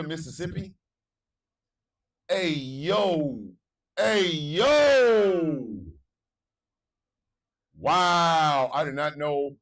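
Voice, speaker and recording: A high-voiced man with a wildly lively pitch hosts a morning talk show, chanting hype calls and ranting. He swings between shouting and low asides, and he sounds set back from the mic. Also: recorded from a distance, poor audio. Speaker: radio show host.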